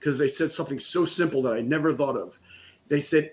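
A middle-aged man speaking as a guest in a conversation, with a voice at an ordinary pitch. He tells a painful personal story candidly and keeps checking in with "right?". The delivery is conversational and open. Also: brisk, a little mellow. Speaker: guest, business coach.

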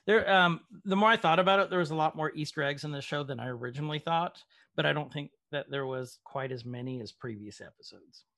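A man's voice: fairly high pitch, a little fast, pushed and bright, no echo. A man hosting a casual recap chat, rambling along with plenty of ums. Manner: chatty, rambling with many ums. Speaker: podcast host.

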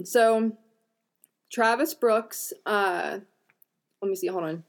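Female podcast co-host, mid-pitched, profane, joking storyteller. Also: lively intonation, very slow. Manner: profane, joking, frequent throat clearing. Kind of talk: casual chat, telling a true crime story.

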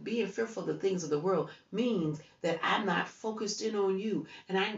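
A woman from the United States gives an informal devotional talk in a conversational, repeating, urging style. She is hiccuping and yawning as she speaks, with some gravel in her voice. She sounds set back from the mic in a roomy space with a dull, muffled tone. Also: fairly low pitch, distant mic. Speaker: preacher.

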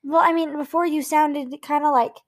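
A woman's voice: sits high, steady tone, normal speed. A woman interviewing in an improvised comedy sketch, skeptical and hesitant, often stammering.

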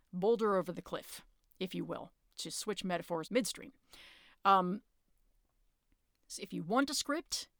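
Woman podcast host, urgent and earnest casual talk, middling pitch, dry close sound. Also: fairly bright tone, no echo. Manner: earnest, urgent, rises in pitch when emphatic; informal, occasionally curses.

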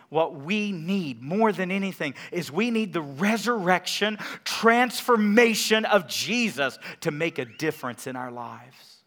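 Bright-voiced pastor preaching with fervor. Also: male voice, fairly high pitch. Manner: swings from quiet teaching to shouted, emphatic preaching. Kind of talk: sermon.

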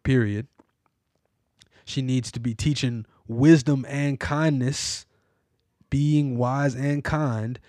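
On a biblical podcast, the male host delivers emphatic, repetitive advice directly to listeners, like a sermon. His mid-range voice has a darkish tone, recorded dry with studio quality.

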